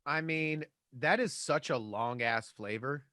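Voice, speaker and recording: A man's voice: on the high side, measured pace, sharp tone, dry recording, studio quality. A man playing as a contestant in a comedy game, bantering casually with slangy, laid-back talk.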